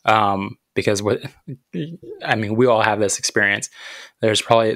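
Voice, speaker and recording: In his thirties, this male podcast host shares a personal story about faith and parenting, earnest and reflective, unhurried with thoughtful pauses. His voice sits on the low side with a slight brightness, captured in studio quality with no echo.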